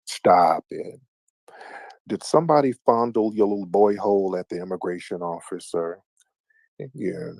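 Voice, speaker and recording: Gravelly deep-voiced man mocking callers. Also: a little slow, a little mellow, no echo. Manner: mocking, taunting, sing-song teasing. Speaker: livestream host. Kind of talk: casual call-in banter.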